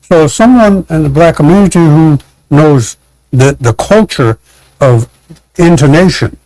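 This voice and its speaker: A man talking as a guest in casual chat, animated, acting out quotes and laughing, with many restarts. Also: fairly high pitch, unhurried, dry recording, poor audio.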